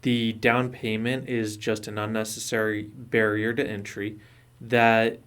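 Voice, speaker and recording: A man co-hosting a casual local podcast, explaining his view in a measured, opinionated way. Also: lowish voice, flat delivery, a bit bright, clean tone. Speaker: podcast co-host. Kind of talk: casual chat.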